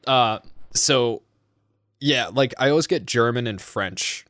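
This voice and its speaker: A man hosting a casual home podcast, rambling along with frequent restarts and self-deprecating jokes. His voice sits at an ordinary middle pitch and is recorded close and dry, with no room sound at all. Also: slow pace, fairly bright tone, dry recording. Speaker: podcast host. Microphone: home podcast microphone.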